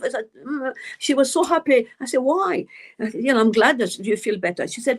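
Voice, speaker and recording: A woman's voice: medium pitch, brisk. A woman who grew up in French Algeria, a guest medium and author, talking in a rambling, chatty way on a live stream. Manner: chatty, rambling, many restarts.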